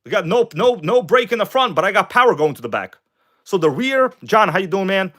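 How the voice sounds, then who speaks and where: A man hosting a casual live stream, chatting excitedly with viewers and reading their comments aloud. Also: sits high, brisk. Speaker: RC car livestream host.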